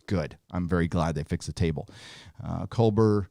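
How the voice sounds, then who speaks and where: A man's voice: low voice, moderate pace, vocal fry, dark tone, no room sound, studio quality. A man hosting a live review show, talking casually in a sarcastic, mocking way with plenty of laughs and fillers.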